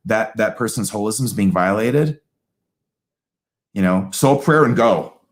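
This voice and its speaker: A man hosting a live astrology talk, answering audience questions in an animated, emphatic way with quick asides. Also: fairly low pitch.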